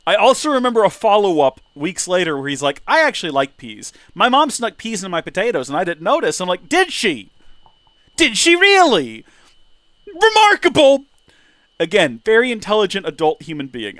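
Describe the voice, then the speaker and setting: Animated man streaming a game. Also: quick pace, hardly any pauses, no echo. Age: 30s. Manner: animated, jumps into high exclaiming voices when excited. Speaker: let's play streamer. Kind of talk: casual gameplay commentary and storytelling.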